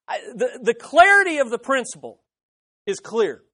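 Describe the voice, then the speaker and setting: Emphatic woman preaching, raised pitch. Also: very animated, unhurried, fairly bright tone, dry recording, clean studio sound. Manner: emphatic, asks the audience rhetorical questions. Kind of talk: sermon.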